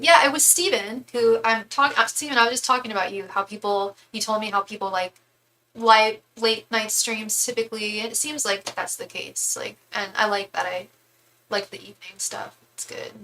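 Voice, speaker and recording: Chatty young woman, bright voice. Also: fairly high pitch, normal speed, slight background noise, rough recording. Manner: chatty, rambling, lots of "like". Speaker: tarot reader and live-stream host. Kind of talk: casual live-stream chat. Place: home.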